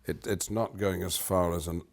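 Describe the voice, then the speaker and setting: An older man from Britain, an actor in an interview, explaining with animated swings between loud and soft and humming rhythms as he goes. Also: low-pitched, normal speed, vocal fry.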